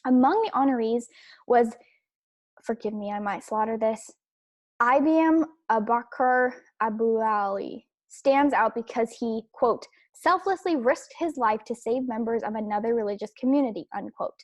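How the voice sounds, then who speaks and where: A woman's voice: fairly high pitch, moderate pace, no room sound. Emphatic woman podcaster, dry close sound. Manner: emphatic, repetitive, with filler restarts. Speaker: podcast host. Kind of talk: opinion podcast monologue.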